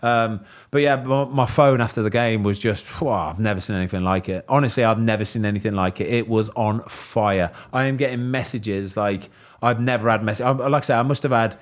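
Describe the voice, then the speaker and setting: A man, hosting a podcast and chatting casually, telling stories in a lively way and acting out what people said. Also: fairly low pitch, brisk. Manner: animated storyteller, voices quoted people. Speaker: podcast host. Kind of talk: casual chat.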